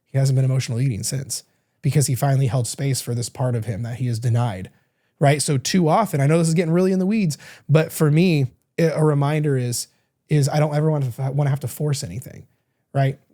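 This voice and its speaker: Here the podcast-hosting coach has a mid-range, mellow voice and talks a little fast. It's a casual reflective monologue, earnest and meandering, with frequent restarts and self-corrections.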